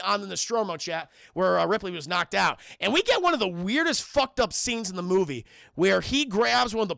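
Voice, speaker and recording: A man streaming a film review, retelling scenes in an animated, profane rush and talking to his chat. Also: high-pitched, creaky, no room sound, clean studio sound. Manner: keeps addressing the chat.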